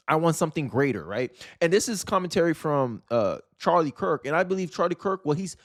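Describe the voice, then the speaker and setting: Casting: young male commentator, exasperated and rambling, slightly high voice. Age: young adult. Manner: exasperated, rambling, frequent restarts. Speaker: commentary channel host. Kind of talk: casual political commentary.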